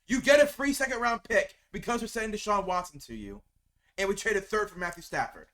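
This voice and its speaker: A man's voice: high voice, lively intonation, a little fast, a bit bright. A man ranting to camera as a sports fan, heated and venting, stumbling and repeating words as he gets upset. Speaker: sports video creator. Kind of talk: angry fan rant to camera.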